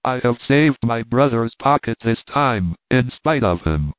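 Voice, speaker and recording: A man's voice: medium pitch, expressive, a little slow, no echo, natural voice. A man voicing a sly, scheming old miser who mutters and gloats. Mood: gloating. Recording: thin phone-like dry sound.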